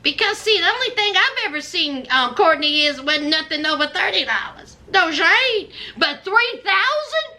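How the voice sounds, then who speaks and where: A woman's voice: extremely high pitch, very animated, normal speed, few pauses, bright, forceful tone. A woman giving sassy, dramatic, scolding commentary on a reality show in a vlog.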